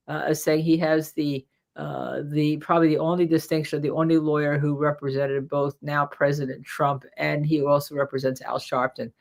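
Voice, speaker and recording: Chatty New Jersey woman lawyer, lower voice. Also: vocal fry. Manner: chatty, many fillers and restarts, laughs easily. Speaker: trial lawyer and co-host. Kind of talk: casual legal commentary chat.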